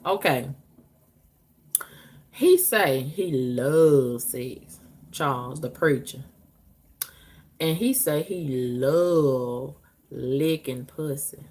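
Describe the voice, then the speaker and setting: A woman vlogging, telling her viewers a story in a blunt, profane, animated way. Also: a bass voice, extremely slow, pauses often.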